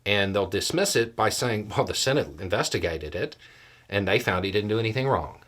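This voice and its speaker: Man, political commentary, deliberate, methodical, lowish voice. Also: lively intonation, a bit bright. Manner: measured, deliberate, laying out scenarios step by step.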